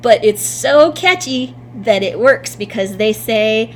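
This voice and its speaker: A woman's voice: fairly high pitch, lively intonation, slow pace, a little hiss or hum. Sing-song woman teaching young kids. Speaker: art teacher. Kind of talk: classroom lesson to young children.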